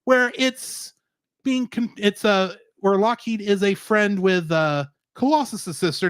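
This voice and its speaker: A man co-hosting a podcast in casual review chat, animated and laughing often. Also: sits high, takes it slowly, smooth, no room sound, clean studio sound. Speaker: podcast co-host.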